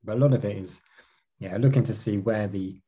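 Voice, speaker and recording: A man tells his story in an interview, animated and quick to restart his sentences. His voice sits a little low and sounds husky. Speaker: marathon canoe racer. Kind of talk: interview answers.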